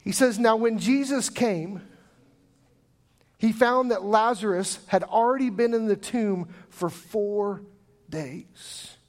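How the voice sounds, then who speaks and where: Male pastor, high voice, animated sermon storyteller who acts out quoted voices. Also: slow. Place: church sanctuary.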